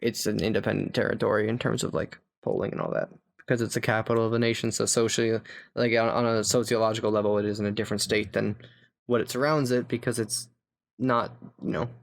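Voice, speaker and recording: A man's voice: on the low side, flat delivery, quick pace, creaky. A man from Pennsylvania co-hosting a podcast in casual chat, confidently rattling off lists. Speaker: podcast co-host.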